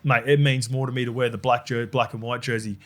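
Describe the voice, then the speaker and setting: A New man co-hosting a casual sports podcast, measured and hesitant, often restarting his sentences. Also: medium pitch, flat delivery, fairly bright tone. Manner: thoughtful, hesitant, many restarts. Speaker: podcast co-host.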